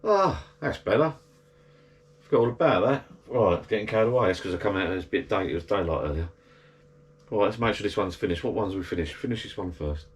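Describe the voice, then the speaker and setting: A man's voice: lowish voice, expressive, fast talker. A man chatting casually to an action camera in his garden shed bar, rambling and grumbling. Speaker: vlogger.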